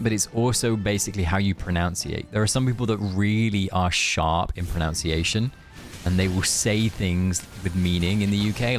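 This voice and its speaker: A British man chats casually while streaming a game. He muses aloud in a playful, rambling way. His voice sits low and has a gravelly, rough edge. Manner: chatty and playful, musing aloud. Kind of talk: casual live-stream chat.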